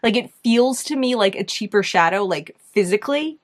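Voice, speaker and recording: A woman's voice: mid-range voice, lively intonation, normal speed. Chatty young woman with a New York accent. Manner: chatty, hesitant, thinks aloud with many "like"s. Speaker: beauty video host. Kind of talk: casual makeup review talk.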